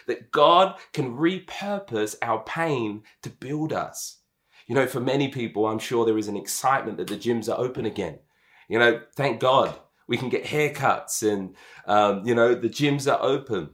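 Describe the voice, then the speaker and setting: This pastor, a man with a medium-pitched voice, moves from gentle, unhurried passages to forceful, climbing ones as he preaches, repeating words often.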